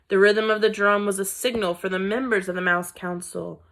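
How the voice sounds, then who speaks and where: A woman reading a children's book aloud in a deliberate storytelling manner. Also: mid-range voice, steady tone, fairly bright tone. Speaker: reader.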